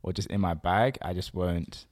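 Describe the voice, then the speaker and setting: Chatty low-voiced man. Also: moderate pace. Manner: relaxed, chatty, with many fillers and repeats. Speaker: podcast co-host. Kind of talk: casual chat.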